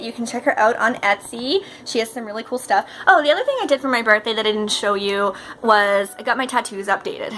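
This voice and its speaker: Bubbly bright-voiced woman. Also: a little high, slight background noise. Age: 30s. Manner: chatty and bubbly, with frequent "like" and "um". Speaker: professional mermaid vlogger. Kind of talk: casual vlog chat.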